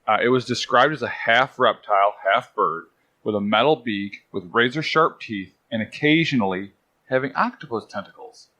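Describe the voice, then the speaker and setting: Bright-voiced man, joking podcast co-host. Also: medium pitch. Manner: jokey, digressive storyteller. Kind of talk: casual chat.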